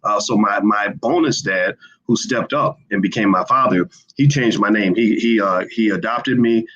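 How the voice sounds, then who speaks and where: A man's voice: fairly low pitch, moderate pace, fairly bright tone, slightly rough, highs cut off. A man hosting a casual livestream, talking in a loose conversational way with many fillers and restarts. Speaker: livestream host. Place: indoors, hotel.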